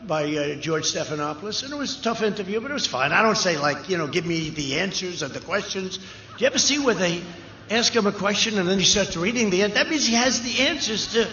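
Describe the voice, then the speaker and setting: Fast and forceful, this male politician speaks in a high, bright, expressive voice, riffing boastfully and repetitively to a huge outdoor audience. Cheers ring out over a dull, echoing PA recording.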